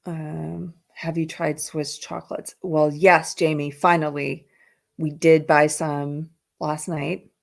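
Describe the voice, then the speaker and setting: A woman's voice: low voice, flat delivery, slow pace, creaky. A woman hosting a casual livestream, chatting in a rambling way and reading viewer comments aloud. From South Carolina, USA. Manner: chatty, rambling, laughs often. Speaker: livestream host. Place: indoors while traveling. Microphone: headphones in, computer mic.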